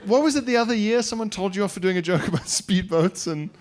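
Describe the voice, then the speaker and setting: A man's voice: high-pitched, quick pace, a little mellow. A man, a comedian co-hosting a live podcast, teasing his co-host in dry, wry banter. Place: small comedy venue with live audience. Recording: live audience clearly heard.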